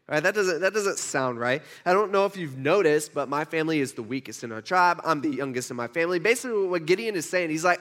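A male pastor retells a scripture story in a casual, animated sermon, with many restarts as he talks. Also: on the high side, fast, few pauses. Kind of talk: conversational sermon.

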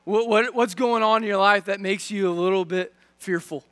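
A man's voice: high-pitched, steady tone, normal speed, a bit bright, clean tone. A man preaching a sermon as a pastor, speaking directly to his congregation with searching questions and frequent restarts. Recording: long reverb of a large hall.

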